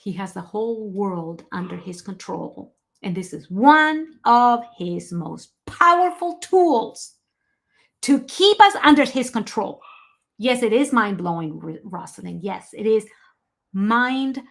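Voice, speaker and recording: A woman's voice: mid-range voice, big pitch swings, unhurried, creaky. A woman giving an online health presentation, talking with emphasis and breaking off to apologise and answer viewers by name.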